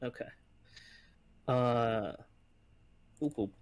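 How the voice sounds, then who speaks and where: A man running a tabletop game as game master, easygoing and often pausing with fillers. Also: mid-range voice.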